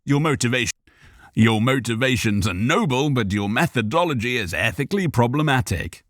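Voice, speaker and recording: A man's voice: medium pitch, lively intonation, brisk, no echo, clean studio sound, pitched above the performer's own voice, natural voice. A man voicing a verbose male scholar barbarian hero who speaks grandly and patiently with long words.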